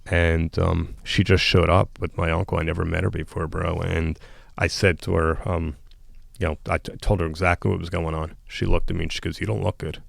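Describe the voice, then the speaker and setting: Very deep gravelly man telling his story. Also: flat delivery, brisk, no echo, studio quality. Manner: blunt, emotional, with frequent restarts and quoted dialogue. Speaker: guest. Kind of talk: candid storytelling in a podcast interview.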